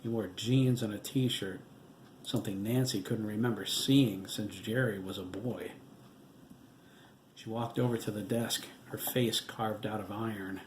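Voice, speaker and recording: A man reading his own novel aloud as the narrator, in a steady, measured way. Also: on the low side, echoey room, slight background noise. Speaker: author and audiobook narrator. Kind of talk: audiobook narration.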